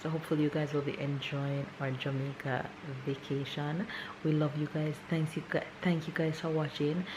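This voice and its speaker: A woman's voice: low voice, little pitch movement, normal speed, noisy background. A woman vlogging casually to camera, chatty, repeating words for emphasis, sounding tired. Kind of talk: casual vlog talk to camera. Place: at lunch in a restaurant.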